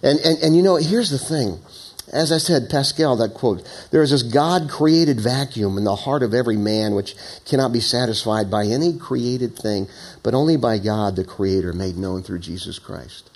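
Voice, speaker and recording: A middle-aged man preaching a sermon, telling a story and reading scripture, dropping to hushed low lines and rising to loud, high emphasis. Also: moderate pace. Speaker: pastor.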